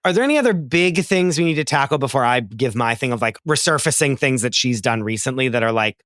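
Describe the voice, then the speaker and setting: A man co-hosting a podcast in casual chat, emphatic and jokey, with quick asides. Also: mid-range voice, lively intonation, fairly bright tone, no echo, clean studio sound. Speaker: podcast co-host.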